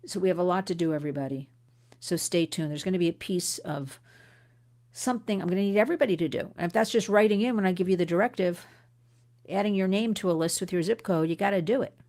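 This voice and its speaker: A middle-aged woman from the United States hosting an advocacy livestream, talking urgently and earnestly to viewers, often restarting and swinging up in pitch. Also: fast talker, a little mellow. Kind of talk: impassioned livestream address to viewers.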